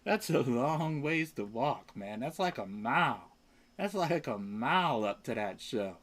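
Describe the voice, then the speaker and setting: A man putting on a low, slow voice for his small male pet, which sounds lazy and unbothered. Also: animated, fairly bright tone.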